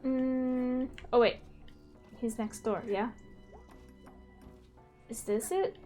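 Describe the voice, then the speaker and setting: A woman's voice: high-pitched, fairly even intonation, very slow, mellow. A young adult woman playing a game and chatting about it in a playful, casual way. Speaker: gaming streamer. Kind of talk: casual gameplay commentary. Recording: faint game music behind.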